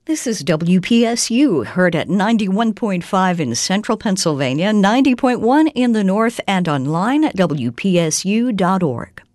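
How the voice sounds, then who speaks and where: A woman reads station identifications and sponsor credits in a crisp announcing style. Her pitch moves in a lively way, and the studio sound is dry. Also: moderate pace, few pauses, no room sound.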